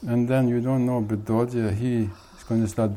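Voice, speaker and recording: A man's voice: mid-range voice, little pitch movement, heavy background noise. A man who is a spiritual teacher, chuckling as he tells a joke in casual talk. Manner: unhurried, chuckling often.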